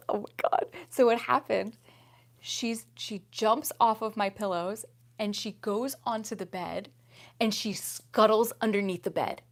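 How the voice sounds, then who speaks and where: A young woman vlogger chatting casually to her viewers, laughing often and swinging between loud exclamations and hushed whispers. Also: medium pitch, measured pace. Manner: laughs often while talking.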